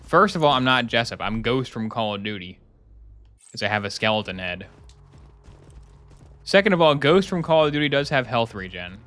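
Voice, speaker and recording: Joking, bright-voiced male streamer. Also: medium pitch, lively intonation, normal speed, pauses often, dry recording. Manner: rambling, jokey, sarcastic asides. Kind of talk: casual commentary while gaming.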